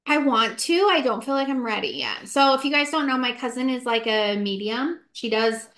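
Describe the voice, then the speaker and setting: Earnest woman podcaster, slightly high voice. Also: expressive, normal speed, fairly bright tone. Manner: earnest, matter-of-fact about spirits. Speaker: podcast co-host. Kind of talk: casual chat. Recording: roomy.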